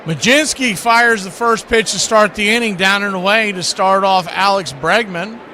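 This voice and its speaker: A man, calling baseball play-by-play on the radio as host in a folksy, chatty way with asides between pitches. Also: normal speed, over music.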